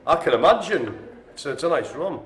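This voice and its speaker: A man's voice: a little high, brisk. A man calling bingo on a live stream, joking and chatting with the people around him. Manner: jokey, animated, chatty with the room. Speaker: bingo caller. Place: indoor care home lounge. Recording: echoey room.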